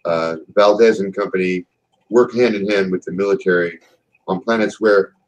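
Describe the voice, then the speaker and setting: A man voicing a stern but wry male company boss who talks in a measured, businesslike way, pausing on fillers. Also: sits low, steady tone, muffled recording, lightly acted.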